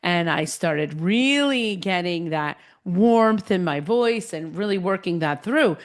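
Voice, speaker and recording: A woman with a New Jersey accent hosting a podcast, telling stories in a chatty, animated way. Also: lowish voice, slow pace. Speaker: podcast host. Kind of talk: casual chat.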